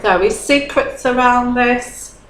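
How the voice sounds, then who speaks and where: Woman tarot reader, a little tipsy, slow-paced chatty delivery, repeats herself, echoey room, faint hum. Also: a little high, a bit bright. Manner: chatty, repeats phrases, frequent "okay?". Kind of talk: casual tarot reading.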